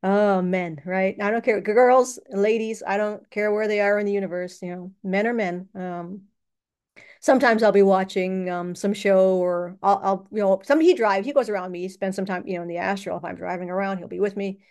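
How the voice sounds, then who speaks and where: A woman's voice: medium pitch, steady tone, a little fast, a little mellow, clean tone. Chatty rambling woman, laughing often. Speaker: channel host. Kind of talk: casual personal monologue.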